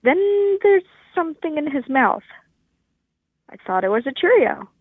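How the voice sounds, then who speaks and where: A woman caller leaves a voicemail anecdote, sounding wry and grossed out as she laughs at herself. Her voice is fairly high. It comes through a tinny, phone-like line. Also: very animated, normal speed, no room sound.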